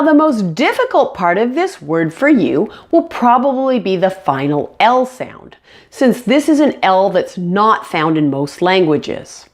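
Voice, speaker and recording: A woman teaching English pronunciation, clearly modeling words for learners to repeat. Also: mid-range voice. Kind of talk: online pronunciation lesson. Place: indoors, on camera.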